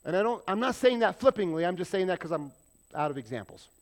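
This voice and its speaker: Animated preaching man, lively pitch. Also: fast talker. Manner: animated preaching, acting out quoted prayers, joking with congregation. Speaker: pastor. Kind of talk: sermon.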